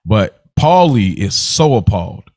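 A podcast co-host with a lowish, sing-song voice and darkish tone chats casually while reviewing a TV episode. He's laid-back and slangy, laughs often and makes quick restarts. The recording is dry with clean studio sound.

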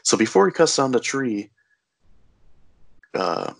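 A man's voice: medium pitch, sing-song, takes it slowly, creaky, no room sound. A man casually recapping a movie scene by scene in a rambling, filler-heavy way, laughing along as he goes.

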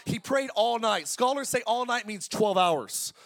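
A man in his forties preaching a sermon as pastor, energetic and conversational, with jokes. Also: very high-pitched, unhurried. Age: 40s.

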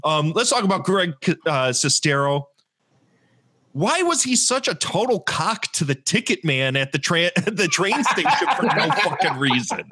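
A man's voice: fairly high pitch, very animated, measured pace, sharp tone, slight background noise. A man co-hosting a casual movie review podcast, blunt and profane, laughing often as he talks. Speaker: podcast co-host.

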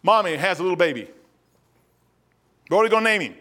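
A man delivering a sermon in a loose, folksy way, rambling through stories and acting out the voices along the way. His voice sits noticeably high for a man. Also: expressive, fast, pauses often, sharp tone. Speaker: preacher.

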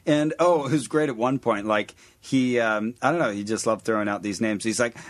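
A man co-hosts a podcast, telling a story with plenty of energy and frequent laughter. His voice sits at an ordinary middle pitch, and he talks in a relaxed, conversational way. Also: fairly quick. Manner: animated storytelling, laughs often. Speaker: podcast co-host. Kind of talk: casual chat.

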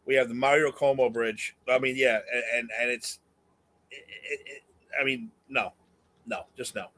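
A man's voice: mid-range voice, steady tone, moderate pace, fairly bright tone. A man from New York co-hosting a casual talk show, blunt and opinionated, swearing casually. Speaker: co-host. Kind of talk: casual chat.

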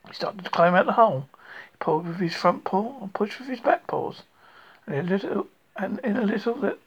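Gravelly, husky storybook reader. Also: medium pitch, animated, fairly quick. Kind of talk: storybook reading. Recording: lo-fi recording.

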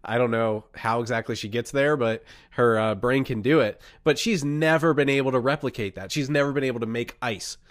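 Lively young man telling a ghost story. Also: mid-range voice, a little fast, hardly any pauses, no echo, clean studio sound. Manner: animated storyteller, acts out voices in quotes. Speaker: podcast co-host. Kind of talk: casual chat, telling a personal ghost story. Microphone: remote call.

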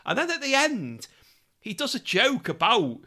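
A man co-hosting a casual chat about old comedy records, animated and laughing often. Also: extremely high pitch. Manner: animated, laughs often, quick asides and impressions. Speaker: podcast co-host.

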